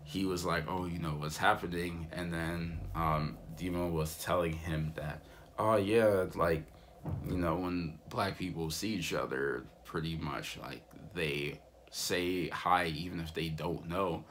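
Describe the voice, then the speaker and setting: A young man vlogging, casually telling stories with a relaxed, rambling manner full of fillers. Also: sits low, a little slow, a little hiss or hum. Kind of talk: casual storytelling vlog.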